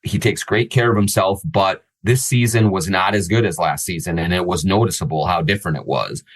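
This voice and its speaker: A man's voice: deep voice, low-quality recording. A man hosting a sports podcast, talking things through casually with many fillers and restarts. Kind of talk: casual analytical chat.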